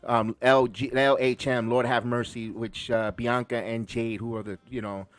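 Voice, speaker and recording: A man's voice: mid-range voice, level tone, moderate pace. Enthusiastic rambling man recapping. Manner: enthusiastic, rambling with frequent restarts and fillers. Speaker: podcast host. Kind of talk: casual wrestling recap chat.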